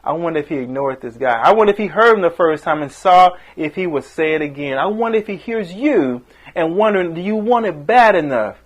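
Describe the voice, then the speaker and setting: Guy preaching a sermon, fired up, kinda high voice, goes big then drops quiet. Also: expressive, a little fast. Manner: impassioned, rising and falling emphasis with acted-out quotes.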